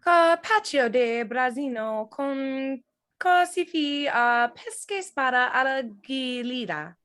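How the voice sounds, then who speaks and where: A woman's voice: sits high, animated, slow, fairly bright tone, exaggerated voice. A woman reading the part of Electra, a poised and elusive young woman, with a playful, teasing manner in an amateur script table read.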